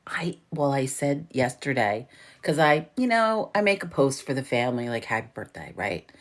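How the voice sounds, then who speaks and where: A woman in her forties with a New York accent hosts a relaxed morning livestream from home, her voice sitting low for a woman. She talks straight into a phone or webcam, chatty and loose, swearing freely and throwing herself into animated storytelling. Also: moderate pace. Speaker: livestream host. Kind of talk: casual morning livestream chat.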